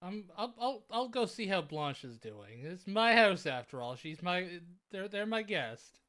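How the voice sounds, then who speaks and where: A player in a casual tabletop role-play, talking in a hesitant, gentle way with stammered restarts. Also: medium pitch, sing-song, unhurried.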